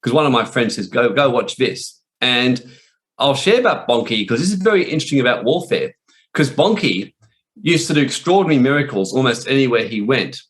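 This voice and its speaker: A man's voice: medium pitch, very animated, fairly quick, a bit bright. Blunt, profane man preaching. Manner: blunt, profane, rambling with restarts. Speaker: spiritual warfare teacher. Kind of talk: informal preaching talk.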